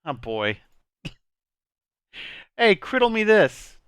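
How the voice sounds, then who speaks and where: Male streamer host, casual playful banter, smooth clear voice, lively pitch, dry close sound, laughs a lot. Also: drawn-out words, no echo. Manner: laughs often, rambling and playful.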